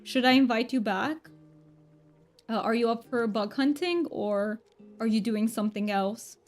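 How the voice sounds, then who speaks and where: A woman's voice: on the high side, unhurried. A woman game streamer chatting casually with her viewers and thanking them often. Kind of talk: casual live-stream chat. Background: faint background music.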